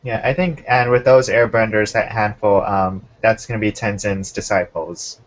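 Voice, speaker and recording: Young man, lowish voice, easygoing podcast host, dull lo-fi sound. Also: normal speed. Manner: relaxed, chatty, keeps time. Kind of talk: casual chat. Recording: muffled lo-fi recording.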